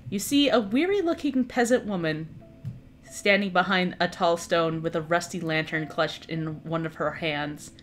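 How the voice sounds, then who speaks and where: Woman DM, easygoing descriptive narration over soft music. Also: on the low side, moderate pace. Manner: relaxed narration with fillers and laughs. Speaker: dungeon master. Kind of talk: narrating a tabletop game.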